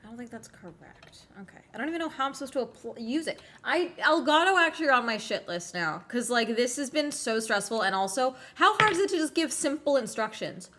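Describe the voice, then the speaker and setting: A woman's voice: on the high side, animated, fairly quick, hardly any pauses, a bit bright, a little hiss or hum. A woman streamer in casual chat, ranting with exasperation and swearing, while she is sick.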